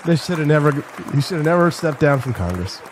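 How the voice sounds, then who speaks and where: A man hosting a live political talk show, joking and sarcastic with quick asides. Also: fairly high pitch, sing-song, a faint crowd, a little hiss or hum. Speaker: host.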